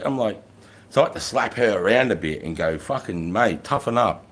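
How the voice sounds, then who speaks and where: Blunt, profane man with a lowish voice. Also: animated, moderate pace. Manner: blunt and heavily profane, rising loud when quoting himself. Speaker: livestream host, former army sergeant. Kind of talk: casual storytelling livestream.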